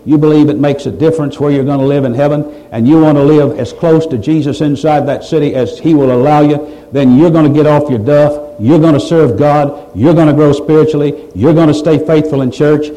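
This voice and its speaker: A pastor preaches a sermon in a warm, somewhat high voice, pressing listeners with rhetorical questions and building to emphatic, raised passages. The recording is rough.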